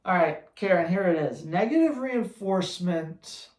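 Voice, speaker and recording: A man's voice: high voice, lively intonation, moderate pace. Man, dog trainer, blunt, teasing, roomy echo. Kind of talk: answering viewer questions.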